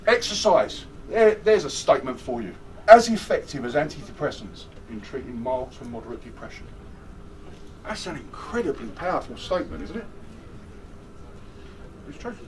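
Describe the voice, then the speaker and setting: A man's voice: a little high, moderate pace, pauses often, recorded from a distance, slight background noise, poor audio. A man leading a stress management workshop, joking and chatty and putting questions to his audience. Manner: animated, jokey, chatty, asks the audience questions. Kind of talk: lively interactive workshop talk.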